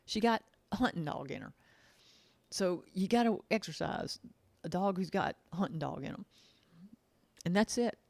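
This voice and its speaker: A woman's voice: on the low side, animated, moderate pace, gravelly, pauses often, darkish tone, no echo. A woman pet sitter talking casually, folksy and chatty, often repeating herself for emphasis. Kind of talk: casual storytelling monologue.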